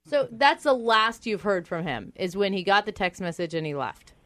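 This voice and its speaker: A woman's voice: mid-range voice, big pitch swings, moderate pace. A woman co-hosting a morning radio show, asking the caller curious questions. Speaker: radio co-host.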